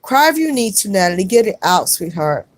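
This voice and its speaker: A middle-aged woman on a casual live stream, reading viewer comments aloud and answering each one warmly. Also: medium pitch, big pitch swings, brisk, no room sound. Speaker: vlogger reading live chat.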